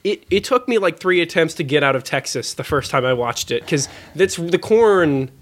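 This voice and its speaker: Casual podcast co-host, man, slightly higher voice, crude jokey movie talk, trails off a lot. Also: lively intonation, moderate pace, fairly bright tone. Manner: crude, joking, trails off mid-sentence.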